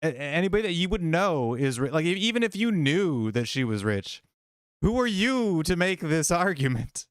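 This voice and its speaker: A man's voice: on the high side, sing-song, normal speed, clear, resonant tone, dry recording, studio quality. A man hosting a casual commentary, ranting in an exasperated way. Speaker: host.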